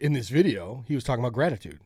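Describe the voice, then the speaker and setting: A male podcast co-host muses aloud, hesitant and thoughtful in casual conversation. His pitch moves around a lot, and the sound is dry and close, with no room reverb. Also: big pitch swings, very fast, darkish tone, breathy edge. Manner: reflective, hesitant, musing aloud.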